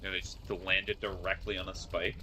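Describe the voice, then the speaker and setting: A man's voice: deep voice, level tone, normal speed, bright, forceful tone, faint music behind. A young man chatting playfully while streaming a game, laughing often. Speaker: gaming streamer. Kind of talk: casual gameplay commentary.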